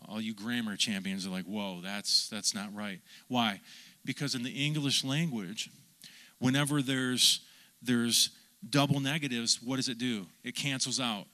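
A man, a pastor, preaching a lively sermon and calling on the congregation to answer back. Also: medium pitch, moderate pace. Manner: animated, calls for audience response.

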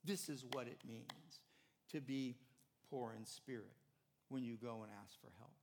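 An older man preaches in a relaxed, conversational way, now pressing a point hard, now dropping almost to a murmur. His mid-pitched voice trails off into a long church reverb. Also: measured pace, gravelly. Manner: conversational preaching, rising to emphatic then dropping soft. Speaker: pastor. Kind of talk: sermon. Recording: hall reverb.

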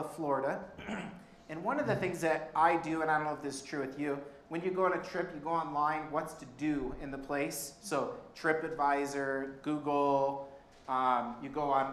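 A man preaches in a church sanctuary, spinning a personal anecdote in a chatty, animated way. His voice sits a bit high for a man, and the sound carries a roomy echo with faint background noise. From Colorado. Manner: conversational, animated anecdotes with laughs. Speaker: pastor. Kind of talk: sermon storytelling.

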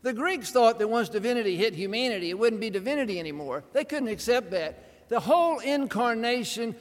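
A man delivers a sermon in a high, lively voice that leans into drama and wry humor. Long reverb from a large church hall trails after each phrase. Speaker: preacher.

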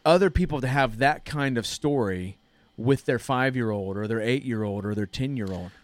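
A man's voice: mid-range voice, moderate pace, no echo. Thirtysomething guy chatting earnestly, keeps restarting, dry room. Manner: earnest storytelling, frequent restarts. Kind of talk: casual chat.

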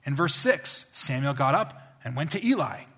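Bright-voiced pastor preaching a sermon. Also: male voice, a little high, moderate pace, breathy edge. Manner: animated, conversational storytelling.

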